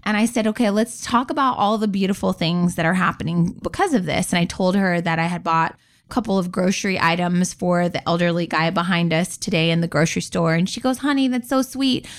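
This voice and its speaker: Woman in her 30s chatting on a podcast, animated storyteller, does little voices when she quotes people. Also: on the low side, brisk. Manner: lively storyteller who acts out quotes. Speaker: podcast co-host. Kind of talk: casual chat.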